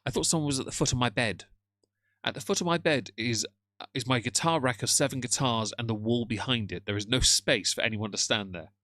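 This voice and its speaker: Speaking briskly at a medium pitch, this man hosts a live stream, chatting and mocking his viewers sardonically while greeting chat. His tone is bright and forceful, with no room sound. He has headphones on and handles chat moderation on his phone.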